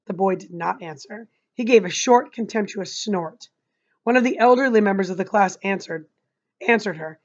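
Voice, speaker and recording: A woman's voice: mid-range voice, a little fast. A woman reading a novel aloud expressively, adding chatty asides to her listeners. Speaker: reader. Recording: dull lo-fi recording.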